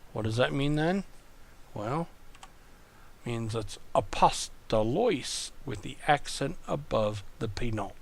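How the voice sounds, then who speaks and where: A man tutoring in a recorded online lesson, explaining patiently and methodically, often repeating words. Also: mid-range voice. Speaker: Greek tutor.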